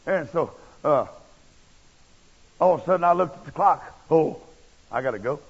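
A man's voice: a little high, animated, normal speed, husky. A man preaching a sermon, telling a personal story in a folksy, blunt and emphatic way. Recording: dull lo-fi recording.

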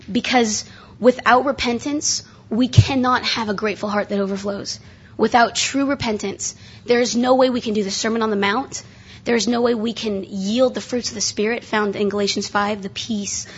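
A woman's voice: medium pitch, husky. A woman speaking earnestly at a conference seminar, preaching in a casual way with frequent restarts. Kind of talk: conversational sermon. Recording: dull lo-fi recording.

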